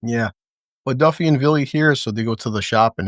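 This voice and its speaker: A man's voice: medium pitch, brisk, dry recording, studio quality. A man co-hosting a casual, crude podcast recap of a TV episode, rambling and laughing often as he paraphrases scenes. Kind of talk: casual chat with crude humor.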